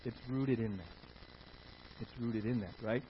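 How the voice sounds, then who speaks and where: A man's voice: mid-range voice, unhurried, highs cut off, slight background noise. A man preaching a sermon, leading the congregation with call-and-response questions. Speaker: pastor.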